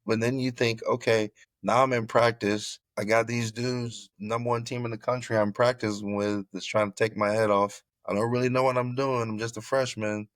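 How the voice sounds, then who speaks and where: A middle-aged man from Florida, a former football player, telling his story in an interview with animated, repeated phrases. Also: mid-range voice, normal speed, no room sound.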